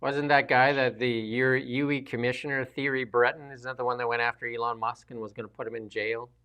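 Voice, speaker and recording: A man's voice: medium pitch, flat delivery, fairly quick, bright, forceful tone, clean tone. Guy in a political chat, emphatic and chatty.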